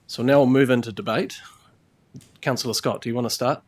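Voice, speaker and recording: A man chairing a council meeting in a procedural, halting way with many fillers, at a chamber table microphone. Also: medium pitch, steady tone.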